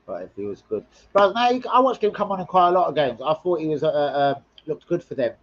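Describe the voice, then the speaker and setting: A man hosting a football live stream, talking a touch higher than most men in a loose, rambling way, with plenty of swearing and banter aimed at his viewers. He is speaking into a streaming mic, and the sound comes through slightly dull, as if the top end were trimmed off. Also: very animated, quick pace. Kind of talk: casual football live stream chat, reading comments.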